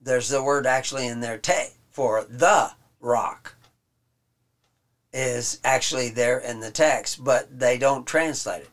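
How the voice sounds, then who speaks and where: A man giving an informal Bible study lesson. He pauses often, restarts his sentences and explains the text word by word. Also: medium pitch, fairly bright tone. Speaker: Bible teacher.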